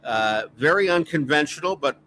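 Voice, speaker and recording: A man's voice: on the high side, lively intonation, normal speed, sharp tone. A man hosts a livestreamed telethon over a video call, casual and chatty. He stands outdoors on a street with faint noise behind him. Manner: informal, apologetic, chatty. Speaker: host. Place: outdoors on a noisy street with power line work.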